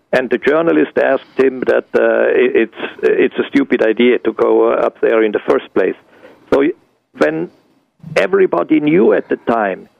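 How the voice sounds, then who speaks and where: An older man from Switzerland answering as a radio guest, halting and full of fillers and restarts, on dull lo-fi radio audio. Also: mid-range voice, gravelly, dry recording.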